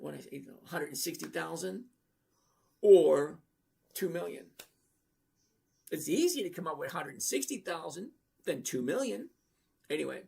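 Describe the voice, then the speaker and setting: A man in his sixties, hosting a casual trading livestream, rambles bluntly while reading viewer comments. His voice is a little high, creaky, a little mellow and husky.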